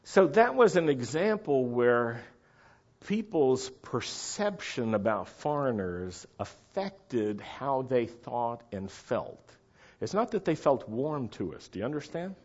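Husky-voiced middle-aged man telling stories. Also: mid-range voice, slow. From United States. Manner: animated, chatty, asks listeners to follow along. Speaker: storyteller. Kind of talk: casual anecdotal storytelling. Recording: dull lo-fi recording.

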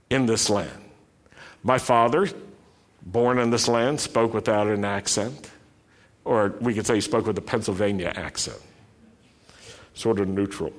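A middle-aged man preaching a sermon to his congregation, asking rhetorical questions and telling family stories in a conversational way. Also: mid-range voice. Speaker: pastor.

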